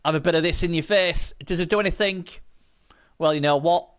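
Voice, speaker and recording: A man giving casual, chatty live commentary on a video game match, bursting into shouts at big plays and swearing now and then. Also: fairly high pitch, fairly quick.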